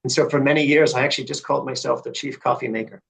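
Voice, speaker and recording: Middle-aged guy on a podcast, gravelly voice, earnest, gets fired up when he makes his point. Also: medium pitch, flat delivery, rapid-fire, rough recording. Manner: earnest, reflective, builds to fervent emphasis. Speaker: guest. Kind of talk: conversational interview storytelling.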